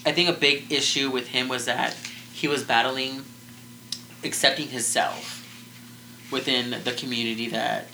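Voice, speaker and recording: A man talking through a crime case in loose, unscripted podcast chat, circling back with "like" and half-finished sentences. His voice has a bright, forward edge at an ordinary middle pitch. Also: fairly even intonation, a little slow, gravelly, pauses often, slight background noise, low-quality recording. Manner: rambling, full of "like" and restarts. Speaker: podcast co-host. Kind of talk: casual true-crime chat.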